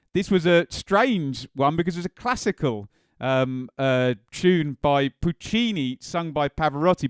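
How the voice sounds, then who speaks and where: An enthusiastic Englishman talks through a countdown in a smooth, resonant voice that sits a little high for a man. He is chatty and loose, with plenty of ums between his points. The sound is dry, with faint instrumental music underneath. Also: no room sound. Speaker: music and football channel host. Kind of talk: casual ranked countdown commentary.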